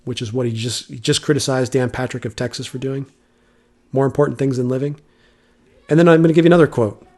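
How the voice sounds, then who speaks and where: A man's voice: medium pitch, very fast, darkish tone. A man hosting a solo commentary podcast, arguing his point with rhetorical questions and frequent restarts. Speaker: podcast host.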